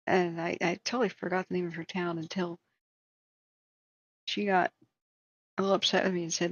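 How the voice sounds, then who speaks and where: A woman's voice: on the low side, level tone, normal speed, pauses often, highs cut off. A woman host on a live stream, telling a long self-deprecating story in a rambling way with many fillers. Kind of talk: casual storytelling.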